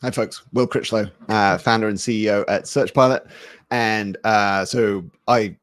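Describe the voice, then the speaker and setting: Low-voiced British man, dry and understated. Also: fairly even intonation, measured pace, fairly bright tone, dry recording. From Britain. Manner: dry, understated, hesitant with fillers. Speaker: guest, company founder. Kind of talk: casual webinar chat.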